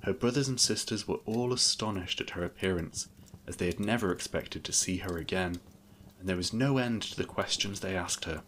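A man narrating a classic fairy tale in a steady, measured storybook reading. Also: low-pitched, slight background noise.

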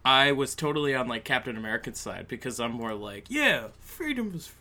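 A man talking casually and jokingly about movies with friends, animated and a little profane. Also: medium pitch, fast talker. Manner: animated, jokey, swears. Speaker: podcast co-host.

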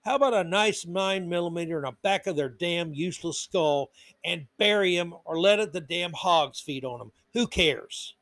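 A man's voice: high-pitched, moderate pace, fairly bright tone, no room sound. A man hosting a podcast, delivering an indignant political commentary monologue full of emphatic repetition. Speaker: podcast host.

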